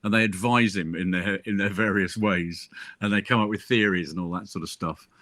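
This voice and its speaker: A lower-pitched man talks with a bright, forceful edge, joking and spinning anecdotes about his writing. He speaks over a video call, and the sound is dry, with almost no room around it. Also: fairly even intonation, fairly quick, no room sound. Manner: jokey, chatty storyteller. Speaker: crime novelist discussing his book. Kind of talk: casual video-call chat.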